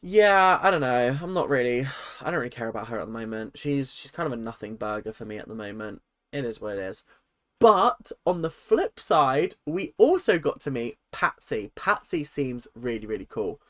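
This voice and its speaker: A young man in his twenties rants casually to the camera in a chatty, opinionated way. He keeps his pitch in an ordinary middle range, breaking off into quick asides and self-corrections. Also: very animated, a bit bright. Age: 20s. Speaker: vlogger. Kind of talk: casual rant vlog.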